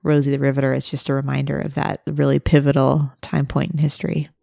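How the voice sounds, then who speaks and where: A woman in her thirties talks through a casual podcast chat in an earnest, easygoing way. Her voice is very low, with a gravelly fry running through it. It is recorded close and dry. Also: monotone, fast talker, warm tone, no room sound. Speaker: podcast co-host.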